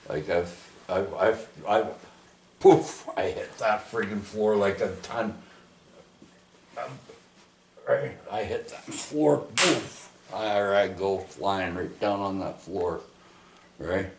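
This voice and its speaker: A man's voice: on the low side, slow pace, slight background noise. A man telling a rambling personal testimony, full of restarts and tag questions like "eh" and "right". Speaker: storyteller giving testimony. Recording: echoey room.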